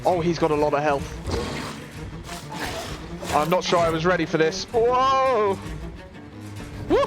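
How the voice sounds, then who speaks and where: A young British man casually commenting while he plays a game, chatty and excitable, often laughing. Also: on the high side, moderate pace, over music. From Britain. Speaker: streamer.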